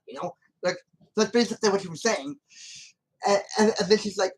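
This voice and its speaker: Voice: mid-range voice, fairly quick, low-quality recording. A channel host giving casual commentary on a film, rambling and repeating points with many restarts and arguing emphatically with the character.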